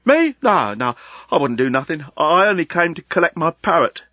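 Shifty builder guy, stammering, a bit higher, voiced by a male narrator; husky. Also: sing-song, moderate pace, pushed and bright, no room sound, dull audio, heavily acted. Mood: evasive. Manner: stammering, mumbling excuses.

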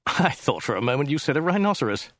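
A man's voice: fairly high pitch, sing-song, quick pace, a bit bright, dry recording, clean studio sound, voice pushed up. A man doing a fussy, hesitant British detective. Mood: puzzled. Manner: polite, hesitant, earnest. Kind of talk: audiobook character voice.

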